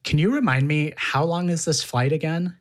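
A man's voice: fairly high pitch, normal speed. A man interviewing in casual conversation, asking curious, probing follow-up questions.

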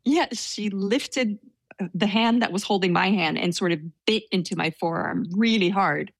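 A woman's voice: mid-range voice, normal speed, creaky, dry recording. A woman recounting a personal story in a casual interview, hesitant and self-deprecating, with frequent fillers and small laughs.

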